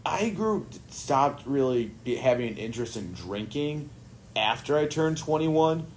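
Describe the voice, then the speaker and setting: A man's voice: medium pitch, animated, a little slow, a little hiss or hum. A man hosting a podcast, laid-back and laughing often while swearing casually. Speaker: podcast host. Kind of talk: casual chat.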